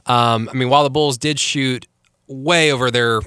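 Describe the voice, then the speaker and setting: A man's voice: medium pitch, steady tone, moderate pace, sharp tone, clean tone, no echo, clean studio sound. A man hosting a casual sports podcast, joking around and rambling with frequent self-corrections. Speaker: podcast host.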